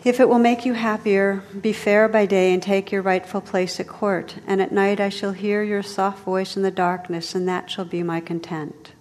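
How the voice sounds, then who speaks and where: A woman's voice: mid-range voice, little pitch movement, a little mellow, long reverb tail, lightly acted. A woman reading the part of an earnest, devoted young male knight. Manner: earnest, halting at moments.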